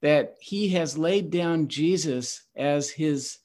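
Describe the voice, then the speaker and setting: A man's voice: on the high side, takes it slowly, darkish tone. Earnest preacherly man hosting. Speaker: host. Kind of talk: Bible teaching podcast.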